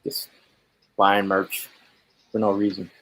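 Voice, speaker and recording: A man's voice: lowish voice, monotone, slow, a bit bright, low-quality recording. A man hosting a casual live sports chat, laid-back and joking. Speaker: podcast host.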